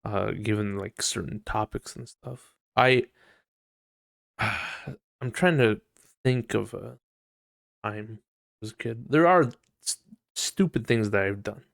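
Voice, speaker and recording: A man's voice: slow pace, vocal fry, long pauses, no room sound. Rambling young-sounding man on a dry mic. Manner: rambling, swears, mocks people in high put-on voices. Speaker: podcast host. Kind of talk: casual solo podcast chat. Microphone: desk mic on voice chat.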